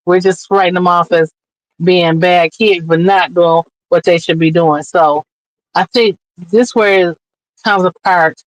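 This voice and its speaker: A woman's voice: fairly low pitch, steady tone, a little slow, dry recording, rough recording. A woman guest on a streamed interview show, talking earnestly and with passion as an advocate, close to tears at times. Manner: earnest, impassioned, tearful at times. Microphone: remote streaming mic.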